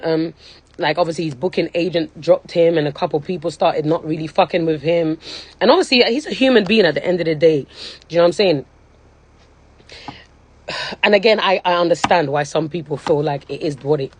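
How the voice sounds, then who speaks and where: A young woman, speaking casually and emphatically on a phone live stream, often checking in with her listeners. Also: fairly low pitch. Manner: emphatic, keeps repeating "you know what I'm saying". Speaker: livestreamer.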